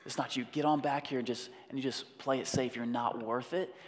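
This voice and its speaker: A man voicing a lying male enemy spirit who speaks in a hushed, belittling whisper, heard with a long hall reverb. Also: medium pitch, steady tone, a little fast, lightly acted.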